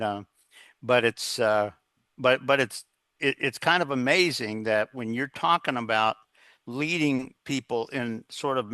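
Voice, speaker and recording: A man's voice: mid-range voice, bright, forceful tone, no echo. A man telling an earnest story as a guest in a casual interview, acting out the dialogue as he goes. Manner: earnest, anecdotal, quotes others in dialogue.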